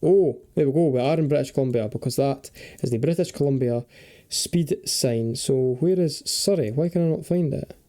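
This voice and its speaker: Man, young adult, deep dark tone, casual game commentary, thinks out loud. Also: normal speed. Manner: chatty, thinks aloud, swears and jokes freely. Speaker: gaming video creator.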